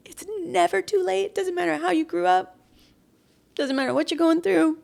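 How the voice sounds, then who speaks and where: A woman's voice: very high-pitched, moderate pace, creaky, darkish tone. A woman in her late thirties speaking as an interview guest in a heartfelt conversation, earnest, dropping to near whispers and laughing often. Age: late 30s.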